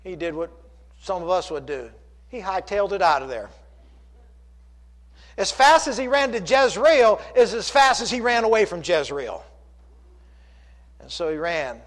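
Delivering a lively sermon, a male preacher speaks in a strikingly high voice, a little slowly and with long pauses. He poses rhetorical questions and acts out the quoted lines from his story.

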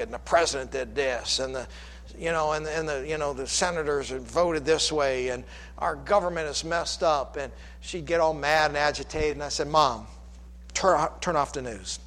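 A man preaching a sermon as pastor, building fervor with repeated refrains. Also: medium pitch. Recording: long church reverb.

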